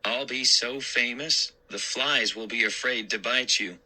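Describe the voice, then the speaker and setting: A man's voice: medium pitch, measured pace, sharp tone, poor audio. A man voicing an uncle who loves telling corny jokes in a spooky storybook reading. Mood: joking. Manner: playful, joking. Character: jokey uncle, adult man, fond of dumb jokes.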